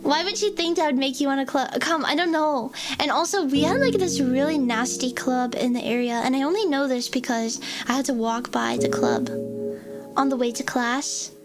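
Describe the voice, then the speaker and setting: This young adult VTuber streamer has a high voice with lively intonation and a moderate pace. Chatting casually with loud music underneath, she tells a rambling story full of fillers, voicing what different people said.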